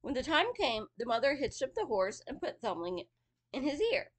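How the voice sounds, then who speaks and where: A woman's voice: high-pitched, sing-song, normal speed. Chatty woman reading a fairy tale. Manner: chatty asides between reading. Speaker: storyteller. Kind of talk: casual read-aloud of a fairy tale.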